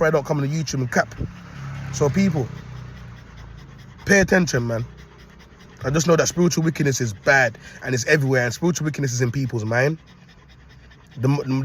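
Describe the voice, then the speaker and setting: Husky fast-talking man preaching. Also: on the high side. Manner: preachy, repeats "people" and "you get me". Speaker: dog-loving vlogger. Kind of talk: casual rambling monologue. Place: parked car.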